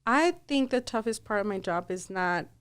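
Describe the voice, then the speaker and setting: Chatty el woman on a podcast, smooth clear voice, lots of ums and you knows, easygoing. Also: medium pitch, lively intonation, normal speed. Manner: chatty, laughs often, many fillers. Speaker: car-buying team manager. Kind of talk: casual interview talk. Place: podcast studio.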